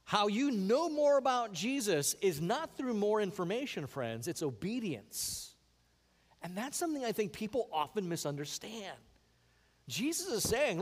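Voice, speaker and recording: A man with a fairly high voice delivers a sermon in a warm, conversational way, leaning hard into key phrases. He talks to the congregation like friends. The sound carries the long reverb of a church sanctuary. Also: sing-song, normal speed. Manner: earnest, conversational preaching with rising emphasis. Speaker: pastor.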